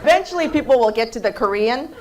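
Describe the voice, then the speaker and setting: A woman comedian who grew up in Seattle, telling stories in a stand-up set with deadpan delivery and abrupt punchlines. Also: on the high side, fast, a loud crowd, heavy background noise. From came to the US at age four, grew up in Seattle.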